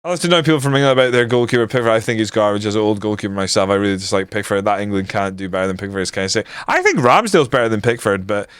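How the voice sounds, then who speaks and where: A man's voice: on the low side, animated, racing, few pauses, a bit bright, smooth, no room sound. Sweary Scottish man, dry close sound. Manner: blunt, sweary, joking. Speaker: streamer. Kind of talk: casual gameplay commentary.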